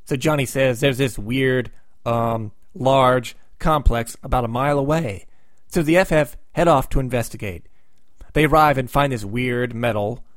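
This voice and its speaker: A man's voice: mid-range voice, dry recording, studio quality. A man hosting a comic book recap, retelling the plot with sarcastic, wry asides.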